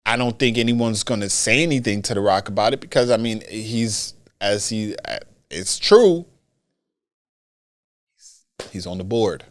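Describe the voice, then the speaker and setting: A man hosting a solo wrestling commentary podcast, talking in an animated way and repeating phrases for emphasis. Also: on the low side, a little slow, pauses often. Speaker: podcast host.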